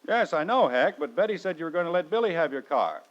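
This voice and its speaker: Brief: sardonic fed-up dad, high lively voice, dull old radio sound. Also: male voice, fast. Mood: exasperated. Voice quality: dry sarcastic. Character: exasperated middle-aged family father, sardonic. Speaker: radio sitcom lead actor. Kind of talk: 1940s radio acting.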